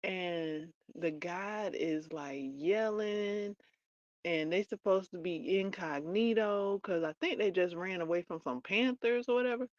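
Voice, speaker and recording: A woman's voice: on the low side, a little slow, lo-fi sound. A woman hosting a livestream, chatting casually about a book and retelling its scenes in her own words with playful asides. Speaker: livestream host.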